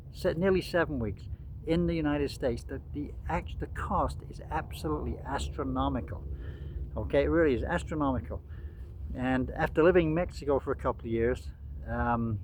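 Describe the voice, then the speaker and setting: A man's voice: mid-range voice, a little hiss or hum, rough recording. A man in his sixties giving casual, rambling commentary with frequent fillers and restarts. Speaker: vlogger.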